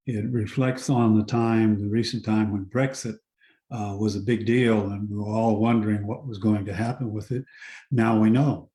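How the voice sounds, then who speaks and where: A man reads his poem at an unhurried, measured pace, pausing now and then with a brief hesitation. He speaks over a video call. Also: fairly low pitch, mellow. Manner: measured, with some filler "uh"s. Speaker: poet. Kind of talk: poetry reading with spoken introduction.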